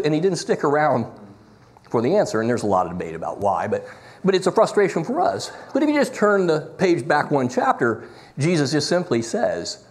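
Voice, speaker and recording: A man teaching a church Bible class, talky and lively, joking and wandering off his notes. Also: on the high side, brisk. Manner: lively, talky, jokes and goes off script.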